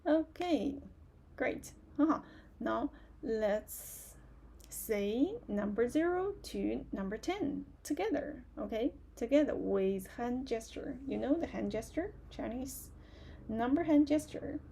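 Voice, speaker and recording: Slow, patient woman teaching Chinese. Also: on the high side, lively intonation, gravelly, warm tone, a little hiss or hum. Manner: slow, patient, repeats words for learners to copy. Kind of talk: live online beginner lesson.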